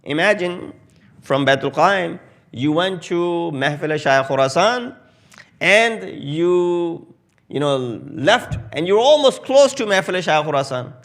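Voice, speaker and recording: A man preaching a sermon in English with a South Asian accent, telling a story with acted quotes that swell loud at the peaks. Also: fairly high pitch, animated, takes it slowly. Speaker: Shia preacher. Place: mosque hall.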